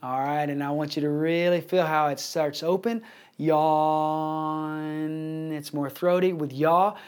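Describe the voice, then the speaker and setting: A man teaching a vocal placement lesson, talking through exercises and singing example words for the class to copy. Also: fairly high pitch. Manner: slow, demonstrative, sings example words.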